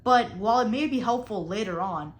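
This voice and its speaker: A young woman who coaches debate talks through speaking technique at a fairly quick clip, her medium-pitched voice carrying reverb. She leans on key words on purpose and varies her tone deliberately, sounding explanatory and emphatic.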